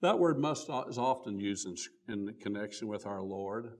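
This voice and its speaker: A man preaching a sermon, reading old-style scripture aloud and stopping often to restart, his voice swelling on key words and then dropping low and quiet. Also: lively intonation, normal speed. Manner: reads scripture aloud in King James wording with frequent restarts.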